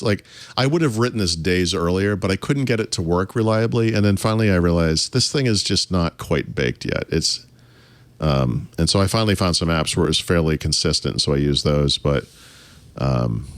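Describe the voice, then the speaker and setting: Low-voiced male podcast co-host, rambling and self-interrupting, dry close sound. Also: dry recording. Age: adult. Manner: rambling, self-interrupting, chuckles at own jokes. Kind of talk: casual tech podcast chat.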